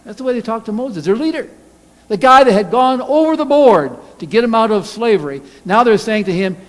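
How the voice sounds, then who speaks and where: A man preaching a sermon as pastor, animated, acting out angry quotes in a loud voice. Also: high-pitched, fairly quick. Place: church sanctuary. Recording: reverberant church hall.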